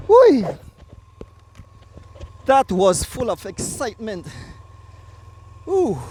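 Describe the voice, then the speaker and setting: A man with a Belizean accent giving excitable live commentary on a cycling race outdoors by the roadside, repeating riders' names in breathless bursts. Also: sits high. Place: outdoors at a roadside finish line.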